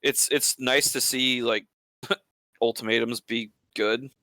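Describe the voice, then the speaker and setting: Man, bright crisp voice, dry close sound, easygoing podcast host. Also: medium pitch, fairly even intonation, slow, no room sound. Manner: easygoing, asks questions. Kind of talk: casual chat.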